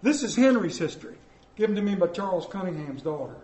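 A middle-aged man preaching a sermon as the church's pastor, telling stories and dropping from loud to soft. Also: sits high, lively intonation, fast. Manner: storytelling, swinging between soft and loud. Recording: echoey church hall.

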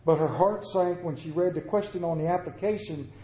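A man with a high voice delivers a sermon in a folksy, conversational manner, acting out little quoted asides. His tone is dark and mellow. The room around him is echoey. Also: fairly quick. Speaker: preacher.

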